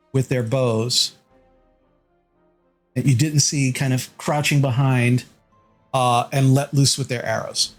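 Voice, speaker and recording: A man running a tabletop game as dungeon master, narrating slowly with frequent fillers. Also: mid-range voice. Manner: slow, halting narration with many fillers.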